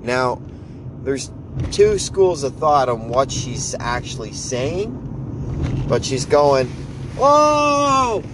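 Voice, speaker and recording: Slow, rambling man. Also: medium pitch, expressive, noisy background. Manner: rambling, wry, with halting restarts. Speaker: podcast host. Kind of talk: casual rambling monologue.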